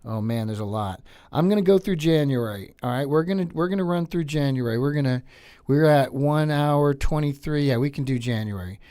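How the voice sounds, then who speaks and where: A man's voice: a little high, fairly quick, dark tone, no room sound. A man hosting a podcast in a studio, chatting casually in a rambling, filler-heavy way. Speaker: podcast host and comedian. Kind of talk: casual chat.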